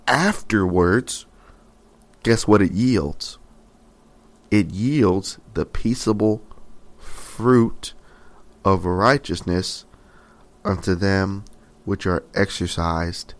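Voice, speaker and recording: A man in his twenties preaching a sermon, telling a story with emphatic, repeated phrases. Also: low-pitched. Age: 20s.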